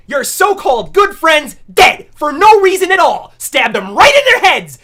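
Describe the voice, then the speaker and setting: A woman's voice: high-pitched, sing-song, moderate pace, hardly any pauses, sharp tone. A woman reviewing a cartoon with sarcastic, ranting commentary and mock outrage.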